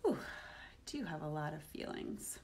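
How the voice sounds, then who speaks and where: Animated woman reading a picture book aloud to kids. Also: deep voice, unhurried, creaky, a little hiss or hum. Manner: animated and playful, acting out feelings. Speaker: children's musician hosting a livestream. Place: at home, live streaming.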